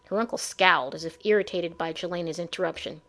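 A woman's voice: fairly low pitch, fast, a bit bright. Woman narrating a storybook. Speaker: audiobook narrator.

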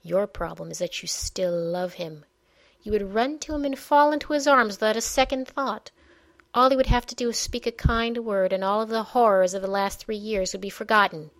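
A woman's voice: mid-range voice, moderate pace, a bit bright, no room sound, close to an everyday voice. Young elven princess read by a woman, bitter, reproachful, storybook reading. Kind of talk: audiobook narration.

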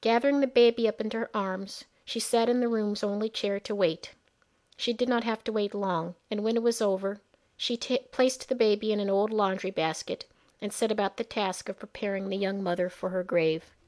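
A woman narrating a fantasy story in a measured storytelling manner. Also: mid-range voice, fairly even intonation, darkish tone.

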